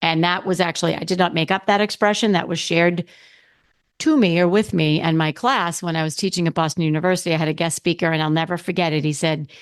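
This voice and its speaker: A woman's voice: lowish voice, steady tone, fast talker, smooth. A middle-aged woman hosting her own podcast, talking casually and candidly, often restarting and correcting herself. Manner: candid, rambling with frequent restarts and self-corrections. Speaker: podcast host. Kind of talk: casual solo podcast talk.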